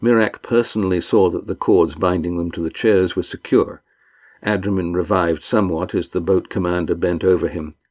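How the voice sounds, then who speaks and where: Low-voiced man narrating a story. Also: steady tone, moderate pace, a little mellow. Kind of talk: audiobook narration.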